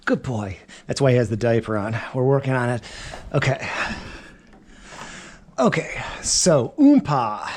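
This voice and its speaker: A man teaching double bass, chatting and thinking aloud as he works through practice exercises, sweaty and a little winded. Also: very animated, measured pace, pauses often, darkish tone, slight background noise. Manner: chatty, rambling, thinks aloud between passages. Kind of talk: casual practice demonstration.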